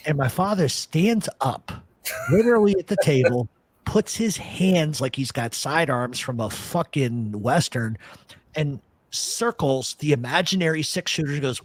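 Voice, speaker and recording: A man's voice: fairly high pitch, animated, normal speed, husky. A man hosting a talk show, telling stories and arguing his points bluntly, with plenty of swearing. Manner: profane, blunt storyteller. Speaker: radio show host. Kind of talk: casual chat, storytelling.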